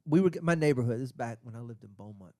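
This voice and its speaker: A man, hosting a podcast and telling a profane story to friends with lively energy. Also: mid-range voice, fast talker, no room sound, clean studio sound. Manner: animated, profane, acts out quotes. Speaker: podcast host and stand-up comic. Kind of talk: casual storytelling among friends.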